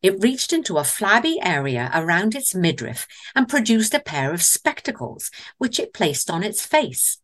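A woman's voice: medium pitch, very animated, normal speed, few pauses, fairly bright tone. A woman with an English accent telling a comic story in a theatrical way, with wry asides. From England.

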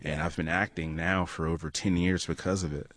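A man's voice: low-pitched, steady tone, brisk, fairly bright tone, no room sound, studio quality. A young man telling an earnest, reflective personal story to an audience. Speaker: storyteller and guest.

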